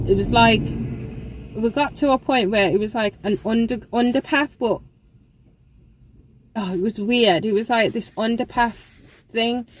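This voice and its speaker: A woman's voice: fairly high pitch, a little hiss or hum, rough recording. A young woman telling a casual storytime in a chatty, rambling way, full of fillers. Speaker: vlogger.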